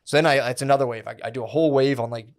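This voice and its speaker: A man's voice: mid-range voice, steady tone, rapid-fire. A young man casually telling a long story, rambling and swearing, with a "like" and a "dude" in nearly every sentence. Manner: rambling, peppered with "like" and "dude", profane. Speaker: podcast co-host.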